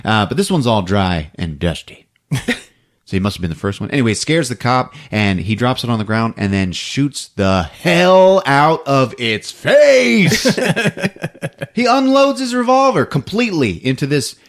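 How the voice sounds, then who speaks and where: A man's voice: medium pitch, big pitch swings, measured pace. A man hosting a podcast, recapping a movie comically, laughing often and acting out sound effects. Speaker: podcast host.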